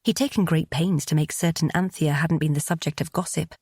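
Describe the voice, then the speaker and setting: A woman narrating a romance audiobook in a calm, even storytelling manner. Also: low-pitched, fairly quick, husky, no room sound, studio quality.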